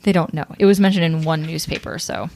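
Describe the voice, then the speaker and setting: A woman with a somewhat low voice co-hosts a casual true-crime podcast. She reads through her case notes with frequent fillers and a joking, giggly manner. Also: steady tone, fast talker, a little mellow. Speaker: podcast co-host.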